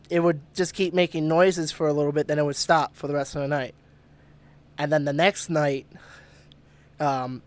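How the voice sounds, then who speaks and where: A man hosting a podcast, telling a story casually with lots of swearing and laughter. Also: a little high. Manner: profane, laughing, animated retelling. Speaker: podcast host.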